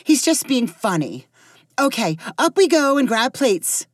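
A woman voicing an eager hostess who smooths over awkward moments and loves gossip. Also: high-pitched, sing-song, a little slow, dry recording, studio quality, pitched above the performer's own voice, exaggerated voice. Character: fussy hostess woman, nosy and peacemaking.

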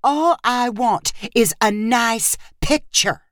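A woman's voice: fairly high pitch, takes it slowly, dry recording, studio quality, pitched above the performer's own voice. A woman voicing a sweet but exasperated wife who coaxes and scolds her husband. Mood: coaxing. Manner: coaxing, then scolding.

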